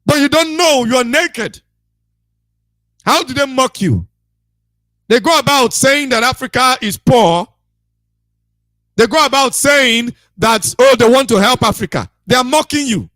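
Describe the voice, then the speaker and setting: A man's voice: extremely high pitch, lively intonation, unhurried, long pauses, pushed and bright, dry recording. A man, giving a repetitive, emphatic and scolding preaching monologue as a radio broadcaster.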